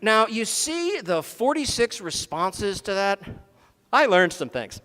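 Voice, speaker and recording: A man's voice: high-pitched, sing-song, takes it slowly, pushed and bright. A man giving a comedic technical talk at a conference, full of dry, sarcastic jokes. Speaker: conference speaker. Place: conference hall stage. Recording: long reverb of a large hall.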